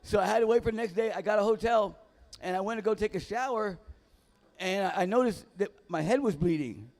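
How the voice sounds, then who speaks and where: High-voiced rambling stand-up comedian. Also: male voice, a little fast, darkish tone. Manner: rambling, loses his train of thought; profane, casual storytelling. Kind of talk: live stand-up set. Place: dive bar comedy room.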